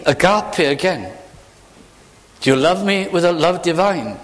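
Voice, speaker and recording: Animated preacher in a ringing hall. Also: male voice, on the high side, unhurried. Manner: animated, searching, rhetorical questions to the congregation. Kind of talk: sermon.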